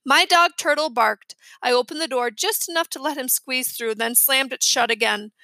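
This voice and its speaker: A woman reading a children's chapter book aloud with lively storytelling. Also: high-pitched, moderate pace, no echo. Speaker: reader.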